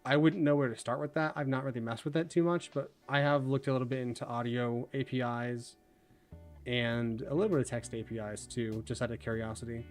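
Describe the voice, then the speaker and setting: A man hosting a livestream, chatting casually and rambling, his words running together when he talks fast. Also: mid-range voice, steady tone, soft background music. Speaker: livestream host.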